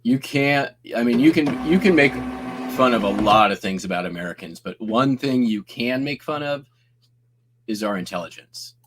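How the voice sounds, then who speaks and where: A man's voice: medium pitch, expressive, moderate pace, a bit bright, a little hiss or hum. A man in his thirties or forties who hosts a live stream, talking casually, rambling, cutting himself off mid-sentence and laughing often. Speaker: host.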